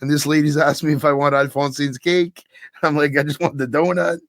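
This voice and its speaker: A man hosting a podcast in casual chat, telling an animated story and laughing often. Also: a little high, a little fast, dry recording, clean studio sound. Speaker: podcast host.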